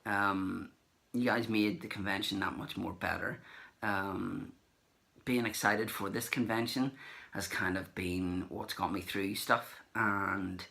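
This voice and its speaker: Male vlogger, deep gravelly voice with a bright edge, chatty and rambling, acts out the conversations he retells. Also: fairly even intonation, slow. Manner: rambling, acts out remembered dialogue. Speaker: collector vlogger. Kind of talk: casual anecdotal recap.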